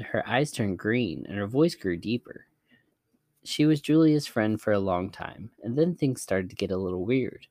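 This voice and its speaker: A man reads scary stories aloud in a measured, steady way. His voice sits fairly low, and the recording is dry with no room sound. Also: no room sound. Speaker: narrator. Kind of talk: scary story narration.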